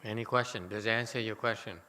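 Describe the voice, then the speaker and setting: A man teaching a Buddhist dharma lecture, animated and teasing, with many rhetorical questions to his listeners. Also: on the low side, fast, a little hiss or hum. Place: temple lecture hall. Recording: hall reverb.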